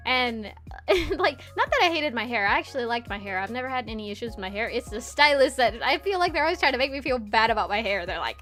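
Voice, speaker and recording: A high-pitched young woman chats her way through a casual live stream, giggling and swearing as she talks to her viewers. Faint music plays behind her. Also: expressive, fast, fairly bright tone. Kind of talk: casual livestream chat.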